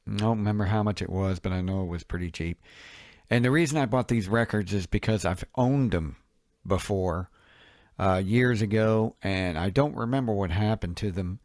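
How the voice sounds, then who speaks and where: A man's voice: on the low side, normal speed, darkish tone. A middle-aged man chatting casually about records in his home office, rambling with many fillers and self-corrections. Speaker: record collector reviewing albums. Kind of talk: casual vlog chat. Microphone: mic on a stand near the camera.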